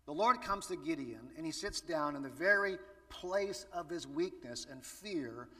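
Male preacher slightly high, bright voice, conversational, asks the room questions, distant and reverberant. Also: lively intonation, unhurried. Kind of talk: sermon. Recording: echoey hall from far off.

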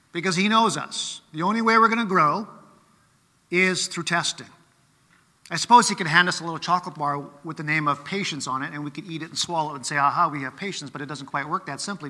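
A man's voice: high voice, pushed and bright, long reverb tail. A man preaching a sermon in a conversational way, often checking in with rhetorical questions.

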